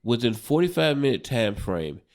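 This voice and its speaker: A man's voice: mid-range voice, very animated, normal speed, darkish tone. A man, a stand-up comedian, telling a profane road story in casual chat, laughing and acting out the people in it. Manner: acts out drunk friend in quoted voices.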